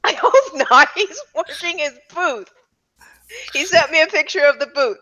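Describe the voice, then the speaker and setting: A woman's voice: high voice, lively intonation, unhurried, sharp tone. A woman serving as game master, chatting casually and laughing on a tabletop game podcast.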